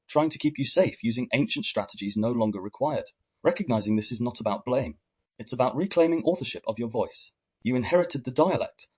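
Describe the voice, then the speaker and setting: A man giving calm, measured scripted narration in a reflective tone. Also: mid-range voice, breathy edge. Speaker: podcast narrator.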